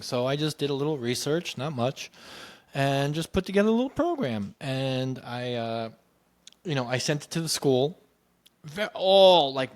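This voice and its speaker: A man in casual storytelling, animated and acting out what others said. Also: fairly high pitch. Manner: animated, acts out quoted voices. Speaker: podcast guest telling his story.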